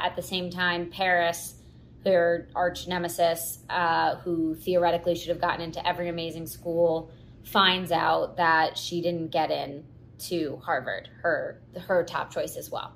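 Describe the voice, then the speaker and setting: A woman's voice: lowish voice, a little hiss or hum. A woman hosting her own podcast in a casual, chatty solo talk, full of "like" and restarts, getting teary as she tells it. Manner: chatty, filler-heavy, gets teary and laughs at herself. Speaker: podcast host.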